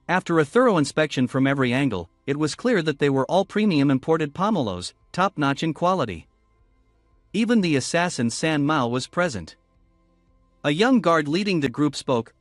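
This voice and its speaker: A man's voice: on the high side, normal speed, no room sound, clean studio sound, faint music behind. A man narrating a comic recap in a scripted voice, reading every character himself. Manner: reads all characters in one steady narrating voice.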